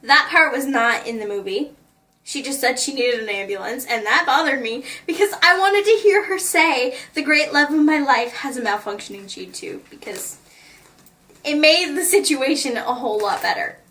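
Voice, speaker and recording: Gushy girl vlogger, high voice, kinda far from the mic. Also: moderate pace, sharp tone. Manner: gushing, chatty, with frequent laughs. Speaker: book vlogger. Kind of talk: casual chat, reading out her notes.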